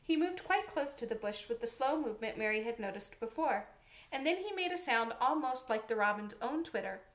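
A woman narrating a classic children's novel aloud in a measured, expressive reading. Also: fairly high pitch, echoey room. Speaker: audiobook narrator. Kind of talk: storybook narration.

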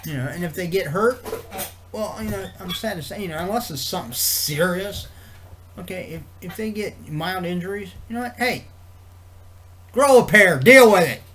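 A man vlogging in a rambling casual way, swearing freely and filling pauses with ums and you-knows. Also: sits high. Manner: rambling, profane, many fillers and restarts. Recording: faint background noise.

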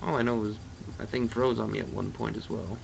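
A man's voice: on the low side, fairly even intonation, fairly quick, creaky, lo-fi sound, background noise. A young Canadian man with a Canadian accent, chatting to viewers while he plays a racing game live. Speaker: let's play streamer.

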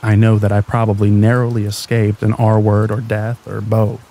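A man narrating scary stories in an even, slow, soothing bedtime reading style. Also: lowish voice, low-quality recording. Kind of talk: calm scripted storytelling narration.

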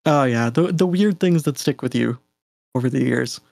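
A Canadian man talks casually as a guest, rambling a little with fillers, restarts and small laughs. His voice sits at an ordinary middle pitch. The sound is dry and close, with no room around it. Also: moderate pace, vocal fry, a little mellow, no room sound. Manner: chatty, laughs often, many fillers and restarts. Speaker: guest game designer. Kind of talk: casual fireside chat.

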